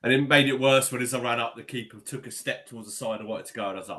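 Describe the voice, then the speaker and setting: A man co-hosting a podcast, telling animated, sweary stories in casual chat. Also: mid-range voice, very fast, few pauses. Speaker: podcast co-host and amateur footballer.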